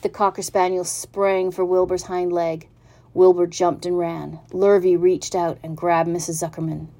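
Mellow-voiced woman reading a storybook. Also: lowish voice, level tone, moderate pace. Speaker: narrator.

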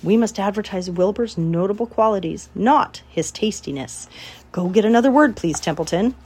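A wise, kind female spider from a storybook, patient and coaxing. A woman gives her voice a husky softness with lively rises and falls. Her tone stays gentle but firm. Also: mid-range voice, moderate pace. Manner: gentle, coaxing, commanding at times.

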